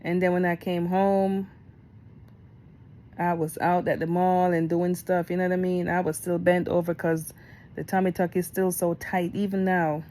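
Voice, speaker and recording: A woman's voice: lowish voice, moderate pace. Chatty woman telling a personal story. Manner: candid, chatty, animated when retelling. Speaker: vlogger.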